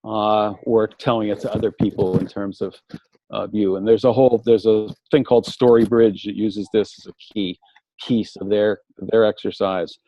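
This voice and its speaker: A man speaking as a guest in a casual discussion, explaining ideas and telling anecdotes in a measured way. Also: on the low side, steady tone, dry recording. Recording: dull dry lo-fi audio.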